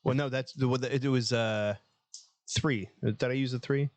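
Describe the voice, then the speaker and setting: A man hosts a podcast with relaxed banter. He throws out teasing wisecracks in an ordinary mid-pitched voice. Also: normal speed. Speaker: podcast host. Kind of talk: casual chat. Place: podcast studio.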